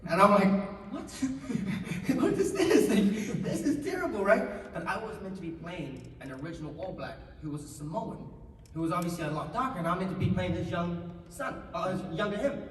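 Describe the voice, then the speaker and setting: A man, telling lively anecdotes as a convention panel guest, laughing often and acting out what people said. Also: high-pitched, fairly quick. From New Zealand. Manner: animated, laughs often, acts out quotes. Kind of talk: storytelling anecdotes to an audience. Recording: roomy hall, distant mic, faint noise.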